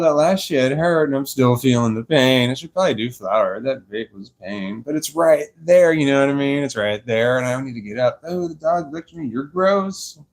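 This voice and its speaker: A young man rambling slowly on a live stream from his sofa, tired and a little slurred, laughing often. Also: fairly high pitch. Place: dark room on a sofa at home. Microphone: clip-on microphone.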